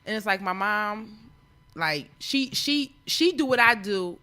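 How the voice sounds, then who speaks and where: Philly woman store owner chatting on a podcast, bright voice, kinda tired, lists stuff off. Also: medium pitch, lively intonation, slow. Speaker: convenience store owner, guest. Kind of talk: casual podcast chat.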